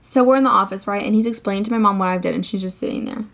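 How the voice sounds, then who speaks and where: A woman's voice: mid-range voice, rapid-fire, vocal fry, a bit bright. A teenage girl vlogger telling a storytime rant, swearing often and saying "like" constantly. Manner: ranting, profane, filler-heavy.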